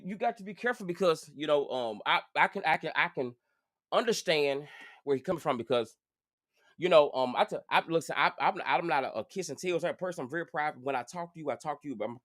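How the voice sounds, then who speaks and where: A man's voice: a little high, fairly bright tone, no room sound, studio quality. A man hosting a casual commentary vlog, sassy and profane, repeating phrases for emphasis. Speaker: channel host.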